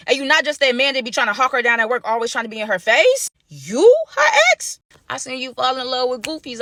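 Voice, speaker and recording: A fast-talking woman spins a juicy workplace story for her viewers, animated and dramatic. Her voice sits a little high and sounds close and dry, with no room around it. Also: no room sound. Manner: animated, dramatic, slangy, talks to viewers as "y'all". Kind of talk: casual storytime vlog.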